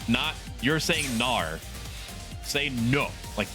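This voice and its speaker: A man's voice: medium pitch, expressive, slow. A young adult man streaming a game, chatting casually in a rambling, self-deprecating way with chuckling asides. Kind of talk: casual gaming stream commentary. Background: game music.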